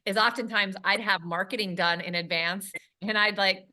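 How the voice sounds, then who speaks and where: A woman's voice: mid-range voice, steady tone, normal speed, sharp tone. A woman sharing her experience as a real estate agent in a chatty, rambling way on a video call. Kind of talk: casual chat.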